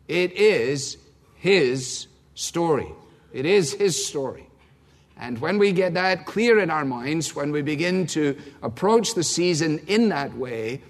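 A male pastor delivers a sermon with emphatic, measured phrasing, often repeating key words for weight. His voice sits a little high for a man. It rings out with a long reverb through a large church sanctuary.

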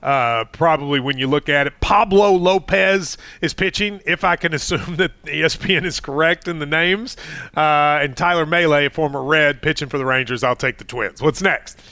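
A man's voice: fairly high pitch, no room sound. A man co-hosting a sports talk show, talking casually and playfully, arguing over picks with animation. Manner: animated, playful, quick to argue.

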